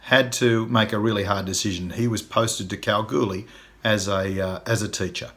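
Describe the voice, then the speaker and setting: Earnest man with a low voice. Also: a bit bright. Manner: earnest, folksy, many ums and uhs. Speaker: vlogger giving advice. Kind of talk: casual encouraging monologue.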